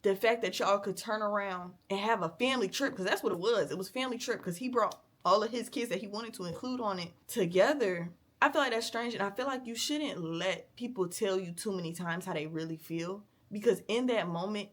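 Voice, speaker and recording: A woman's voice: medium pitch, fairly bright tone. A young woman, venting bluntly and emotionally on a candid vlog, profane and direct. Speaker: vlogger.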